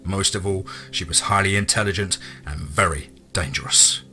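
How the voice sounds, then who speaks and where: A man narrating a first-person tale in a low, forceful voice with a measured, wry delivery. Faint music plays quietly behind his reading. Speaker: story narrator.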